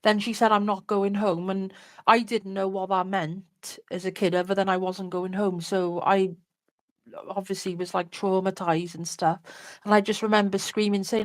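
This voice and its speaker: Woman, mid-pitch, candid chatty storyteller, dry close mic. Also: little pitch movement, normal speed, dry recording. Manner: candid, chatty, many fillers like "like" and "you know". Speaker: interview guest. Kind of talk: personal storytelling in an interview.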